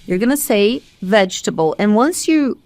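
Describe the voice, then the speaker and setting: A woman's voice: medium pitch, expressive, moderate pace, no room sound. A Brazilian woman, an English teacher whose first language is Portuguese, speaking English with a Brazilian accent and making her points emphatically in a casual podcast conversation.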